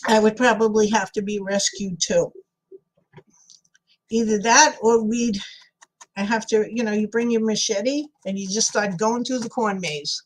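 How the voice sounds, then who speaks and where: A woman's voice: medium pitch, steady tone, measured pace, low-quality recording. A middle-aged woman with a New York accent chats loosely while she crafts on a livestream. She rambles from one thing to the next, laughs a lot and answers her viewers by name. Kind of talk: casual chat while crafting and reading live chat.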